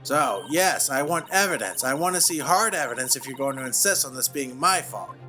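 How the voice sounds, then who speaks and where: A woman's voice: very deep voice, lively intonation, a little fast, bright, forceful tone, soft background music, full character voice. A man voicing a flustered, defensive housewife on a jury, fussy and indignant as he reads game dialogue aloud. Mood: distraught. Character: flustered middle-aged English housewife juror, defensive.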